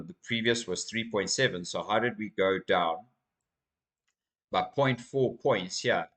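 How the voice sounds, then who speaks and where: A man from Africa, hosting his own crypto channel and talking casually through market data in an energetic, rambling way. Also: deep voice. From South Africa. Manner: energetic, rambling, addresses viewers as guys. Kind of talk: casual market commentary to camera.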